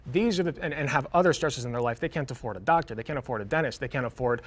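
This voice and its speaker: A man in a debate, arguing earnestly in a halting way, often restarting his sentences. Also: medium pitch. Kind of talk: argumentative debate.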